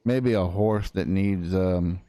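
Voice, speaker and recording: Man, low and mellow, smooth. Plays a rambling, folksy old frontier prosecutor full of asides. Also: takes it slowly, no room sound. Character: cranky old frontier lawyer. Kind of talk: in-character roleplay chat.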